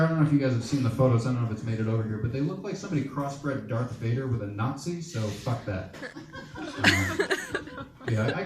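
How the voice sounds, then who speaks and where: Wry, lively stand-up comic. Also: male voice, medium pitch, a little hiss or hum. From United States. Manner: wry, profane, conversational. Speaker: stand-up comedian. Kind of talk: stand-up comedy set. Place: comedy club stage. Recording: echoey club recorded from a distance.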